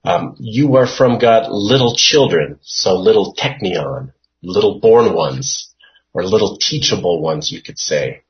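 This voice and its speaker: A man's voice: low-pitched, very animated, unhurried. A man leading a Bible study, reading scripture aloud and explaining it word by word in a hesitant way with many fillers. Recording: dull lo-fi recording.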